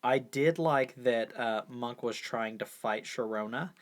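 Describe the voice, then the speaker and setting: A man co-hosting a podcast, chatting casually in a relaxed, rambling way with many fillers. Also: mid-range voice, a little slow. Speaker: guest co-host. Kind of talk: casual chat.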